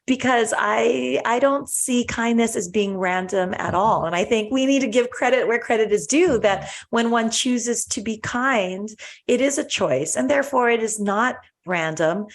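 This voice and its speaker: A woman's voice: fairly high pitch, unhurried. A woman co-hosting a podcast and a doctor, telling a story in an earnest, chatty way with many fillers and restarts. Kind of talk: casual podcast chat.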